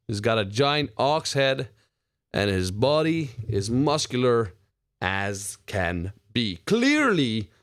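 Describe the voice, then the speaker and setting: A man running a tabletop adventure as game master. His narration rambles loosely, with a gravelly texture and pitch that moves around a lot. He sounds close to the mic in a dry space. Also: no room sound.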